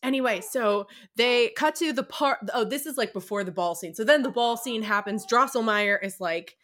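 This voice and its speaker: A woman's voice: on the high side, normal speed, fairly bright tone. A young woman podcast co-host retelling a book in a chatty, casual way. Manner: chatty, with frequent fillers and laughs.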